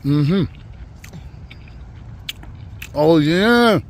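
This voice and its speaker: A young Jamaican man, playful and teasing, chats through a home cooking video. His voice sits slightly high. A faint hum of background noise runs under the recording. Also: a little slow, long pauses. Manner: playful, joking, shouts out to fans. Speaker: co-host, son of the cook. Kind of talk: casual cooking vlog banter.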